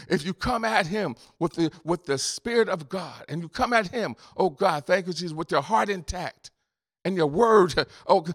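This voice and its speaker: Male pastor, fervent rhythmic sermon, slightly high voice with a gravelly edge. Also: fairly bright tone. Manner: fervent, rhythmic preaching with repetitions and chuckles. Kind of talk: sermon and closing prayer.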